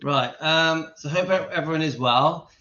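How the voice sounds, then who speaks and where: A man's voice: fairly high pitch, measured pace, bright, forceful tone. A man hosting a casual live stream from home, laughing often and breaking off to talk to his dog. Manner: giggly, keeps breaking into laughter; talks to his dog between remarks. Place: home, indoors. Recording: dull lo-fi sound.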